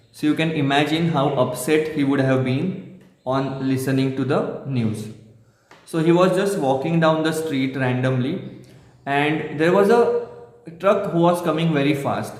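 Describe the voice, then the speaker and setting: Brief: man, a teacher walking learners through a story, slightly high voice, echoey room. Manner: patient, stops to explain word meanings. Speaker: English teacher.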